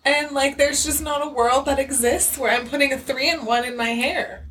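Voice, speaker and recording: A woman's voice: sits high, steady tone, moderate pace, fairly bright tone, slight background noise. A woman of twenty-five, co-hosting a casual podcast. She talks in an exasperated ramble full of fillers. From United States. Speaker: podcast co-host.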